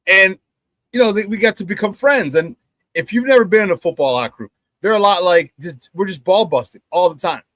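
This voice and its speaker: A middle-aged man hosts a sports talk show with a lively storyteller's delivery. His voice sits high for a man and is recorded close and dry in a studio. He leans hard into emphasis when he acts out old conversations. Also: brisk, no echo. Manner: animated storyteller, acts out quoted banter loudly, laughs often.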